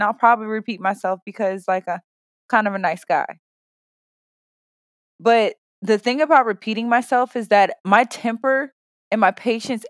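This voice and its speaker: A woman's voice: fairly high pitch, dry recording. A woman in her thirties co-hosting a podcast in casual chat, blunt and profane, repeating phrases for emphasis. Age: 30s. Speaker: podcast co-host.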